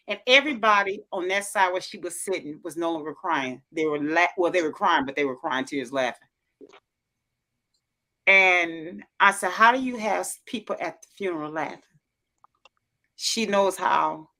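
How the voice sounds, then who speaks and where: A woman's voice: lowish voice, bright, forceful tone. A woman telling a rambling story in casual livestream chat, restarting sentences often and voicing what others said. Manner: rambling storyteller, many restarts, voices quotes.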